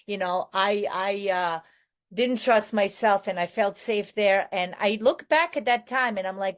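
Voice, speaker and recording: A woman with a mid-range voice and a non-American accent speaks at a normal speed. Raised in New York City, she gives a candid personal share at a recovery meeting, rambling and correcting herself with many fillers.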